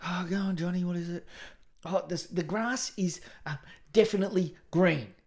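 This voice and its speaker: A man's voice: high voice, normal speed, a little mellow, pitched above the performer's own voice. A man voicing a cheeky little schoolboy who eagerly pleads to answer in class. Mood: pleading.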